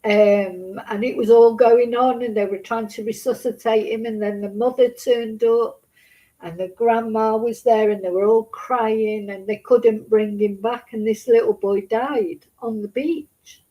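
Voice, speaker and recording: A middle-aged woman, a Spanish teacher, telling a personal story to camera in a halting, rambling way, close to tears. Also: a little high, fairly even intonation, lo-fi sound. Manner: halting, full of restarts and asides. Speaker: Spanish teacher and channel host.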